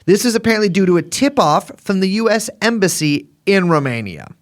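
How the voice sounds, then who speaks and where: A man co-hosting a casual podcast, with a voice pitched a bit high and swinging widely in pitch. He rambles through his points with plenty of fillers. His delivery is animated and conversational. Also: fairly quick. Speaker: podcast co-host.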